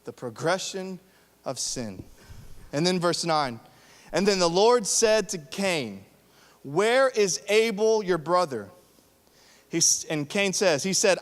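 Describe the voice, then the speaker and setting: Animated man preaching in a hall. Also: high voice, takes it slowly, long pauses. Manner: animated, joking asides, rhetorical questions, acts out quotes. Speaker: young adult ministry pastor. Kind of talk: sermon. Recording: long hall reverb.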